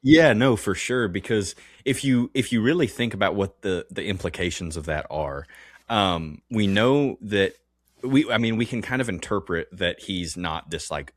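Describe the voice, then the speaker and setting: A man with a very deep voice co-hosts a relaxed Bible-study podcast. His pitch swings widely as he rambles, corrects himself mid-sentence and laughs often. The sound is close and completely dry. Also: normal speed, no room sound. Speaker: podcast co-host.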